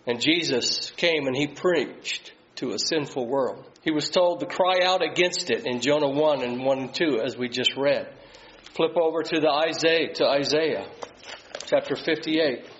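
A man's voice: on the high side, a little slow, a bit bright. A man leading a Bible study, putting questions to the group and reading scripture aloud. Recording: slightly dull sound.

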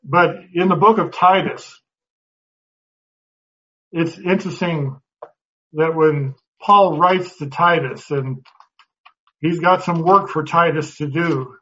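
A man's voice: fairly high pitch, takes it slowly, pauses often, pushed and bright. A man teaching a Bible class in a conversational way, often restarting words and putting questions to the class. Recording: dull lo-fi recording.

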